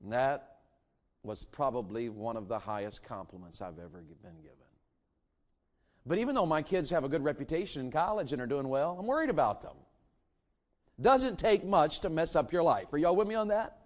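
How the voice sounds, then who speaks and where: A man's voice: on the high side, expressive, normal speed. A middle-aged man, preaching a sermon and firing rhetorical questions at his congregation. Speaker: pastor.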